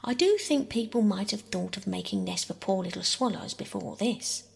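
A woman's voice: mid-range voice, moderate pace, creaky, big-room sound. A woman reading aloud, voicing a boastful, argumentative young boy in a scolding, know-it-all manner. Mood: proud.

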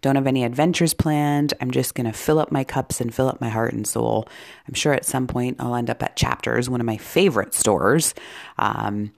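A woman hosting an inspirational podcast, talking in an encouraging way and often dropping into soft, whispery asides. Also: rumbling low, moderate pace, vocal fry. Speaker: podcast host and psychic medium.

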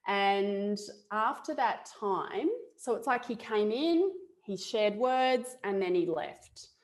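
A middle-aged woman with an Australian accent tells her story as an interview guest, lively and chatty. She laughs easily and acts out her own past thoughts as she goes. Her voice sits at an ordinary middle pitch. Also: takes it slowly.

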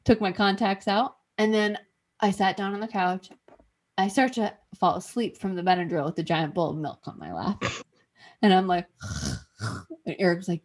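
A woman hosting a podcast, telling a story in casual chat, animated, swearing freely and acting out what she said. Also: medium pitch. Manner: animated, swears freely, acts out her own past remarks. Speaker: podcast host.

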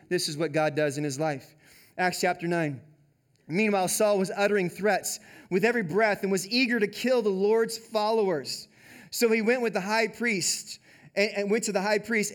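High-voiced man preaching a conversational sermon. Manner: conversational, animated preaching with repeated "like". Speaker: pastor.

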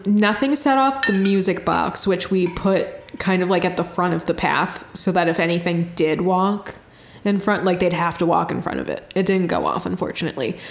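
A woman's voice: fairly low pitch, normal speed, echoey room, slight background noise. A woman co-hosting a podcast, telling a story in casual chat, chatty and giggly with lots of fillers. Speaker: podcast co-host.

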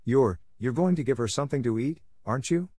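A man voicing a shy, gentle older farmer in a storybook reading, speaking hesitantly and uneasily. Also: medium pitch, lively intonation, fairly quick, slightly rough, dry recording, pitched above the performer's own voice. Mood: uneasy.

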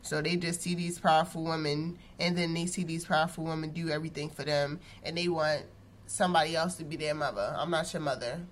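A woman's voice: low-pitched, little pitch movement, fairly quick, a little hiss or hum. A woman co-hosting a casual podcast chat, talking bluntly and emphatically with lots of profanity. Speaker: podcast co-host.

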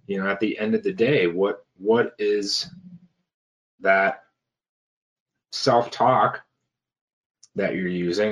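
Low-voiced man hesitating through coaching. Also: steady tone, takes it slowly, long pauses. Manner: hesitant, many fillers and restarts. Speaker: health coach. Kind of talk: casual coaching talk.

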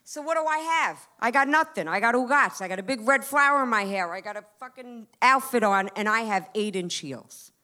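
A woman's voice: fairly high pitch, lively intonation, fairly quick, few pauses, sharp tone, clear, resonant tone. A woman in her fifties doing stand-up storytelling, brash and profane, talking straight to the crowd. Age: 50s. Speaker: comedian.

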